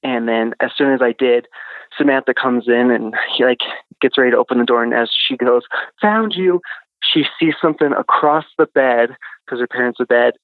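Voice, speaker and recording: A man's voice: mid-range voice, flat delivery, fairly quick, no room sound. A man recounting a childhood experience as a podcast guest, rambling with lots of fillers over a tinny phone line. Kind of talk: casual storytelling.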